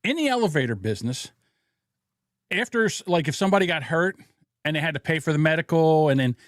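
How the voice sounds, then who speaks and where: Profane, animated man hosting a podcast. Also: on the high side, fast talker, dry recording, clean studio sound. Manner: blunt, profane, animated storytelling. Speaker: podcast host. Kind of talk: casual political podcast commentary.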